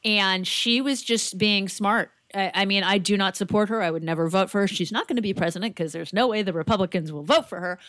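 A woman co-hosting a casual political chat podcast, talking in an animated, blunt way and swearing freely. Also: medium pitch, a little fast, few pauses, no room sound. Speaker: podcast co-host.

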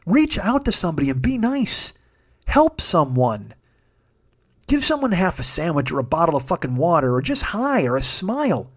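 Hosting his comedy podcast alone, this man speaks at a moderate pace in a fairly high, fairly bright voice that is very animated. His heated rant is full of constant swearing, and afterward he rambles, self-deprecatingly, through thanks to his crew.

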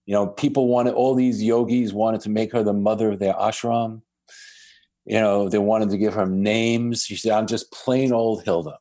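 A man's voice: fairly low pitch, level tone, normal speed, warm tone. A man who is a podcast guest, telling reflective stories with frequent restarts. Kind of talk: storytelling in a podcast conversation.

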